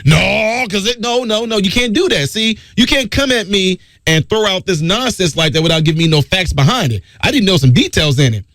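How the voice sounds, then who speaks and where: A man's voice: high voice, expressive, a little fast, few pauses, a bit bright, no echo, studio quality. A man hosting a talk radio show, delivering an emphatic, preachy monologue and repeating his key phrases.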